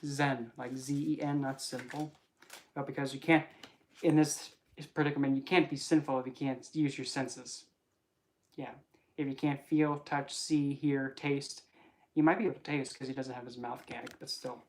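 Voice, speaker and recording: A casual tarot vlogger with a mid-pitched voice who rambles through readings. The delivery is chatty and full of jokes and self-corrections. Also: little pitch movement, normal speed, a little mellow. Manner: rambling, joking, self-interrupting. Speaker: tarot reader.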